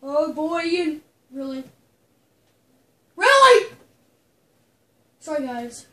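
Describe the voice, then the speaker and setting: A woman giving casual gameplay commentary at home, excitable and prone to sudden shrieks and yells. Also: high voice, measured pace. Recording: roomy echo, faint music.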